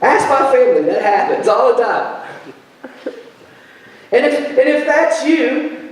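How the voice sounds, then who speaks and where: Man, pastor, sermon, very high voice, animated self-deprecating delivery, heavy church echo, far from the mic. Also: takes it slowly, background noise. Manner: animated, self-deprecating storytelling with repeated phrases. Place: church sanctuary. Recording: very echoey church sanctuary, voice from far off.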